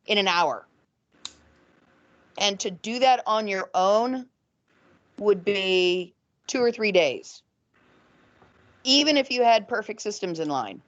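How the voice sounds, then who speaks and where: A woman's voice: medium pitch, no room sound. A woman real estate agent with a slightly froggy voice, talking emphatically and repetitively in a video call panel interview. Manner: emphatic, repetitive, talks in rushes. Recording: dull, dry video call audio.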